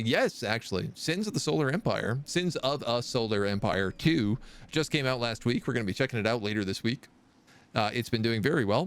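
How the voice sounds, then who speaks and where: A man gives live gameplay commentary, his pitch leaping up and down as he talks. He chats with viewers, reading their messages aloud and answering them. Soft game music plays faintly under his voice. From Canada. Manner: chatty, reads chat aloud and answers. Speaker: streamer.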